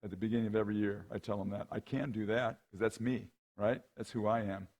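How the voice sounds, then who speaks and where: This middle-aged rowing coach, appearing as a guest speaker at a men's conference, talks fast in a lowish voice. He tells stories conversationally, keeps checking in with "right?" and "okay?", and livelily acts out the people in his anecdotes.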